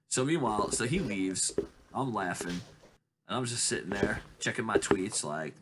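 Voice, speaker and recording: Casual male host, animated delivery, hissy recording. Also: moderate pace. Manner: rambling, acts out quotes in high voices. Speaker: podcast host. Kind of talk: casual chat, storytelling.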